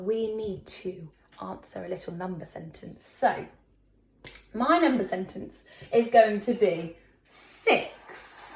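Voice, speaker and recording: A woman primary school teacher giving a recorded lesson to young children, talking slowly in an encouraging, sing-song way. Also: a little hiss or hum. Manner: slow, sing-song, encouraging teacher talk with big pitch swings. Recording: echoey room.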